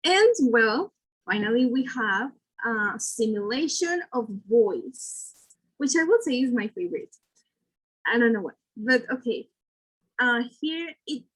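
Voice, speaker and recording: A woman explains pronunciation rules in a phonetics lesson, pausing on fillers as she goes. Her voice sits fairly high and has a breathy, husky edge. She takes her time, speaking slowly and carefully. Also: low-quality recording.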